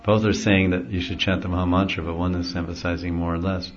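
Man, deep voice, spiritual teacher, devotional talk, relaxed with frequent chuckles, dull lo-fi sound. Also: quick pace. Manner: easygoing, chuckles often while explaining. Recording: dull lo-fi recording.

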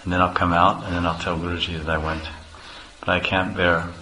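A meek, pure-hearted young disciple, put on by a male preacher in a hushed and tearful voice. He pleads low and soft, with a clear, bright edge to his tone. He sounds ashamed and afraid. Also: little pitch movement, a little fast, slight background noise, low-quality recording. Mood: pleading. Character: simple, innocent young male village disciple, fearful.

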